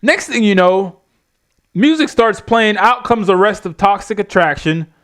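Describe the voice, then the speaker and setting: A high-voiced man reviews a wrestling show in a profane, exasperated rant. He talks bluntly and swears constantly, piling up his complaints. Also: animated, a little slow, a bit bright.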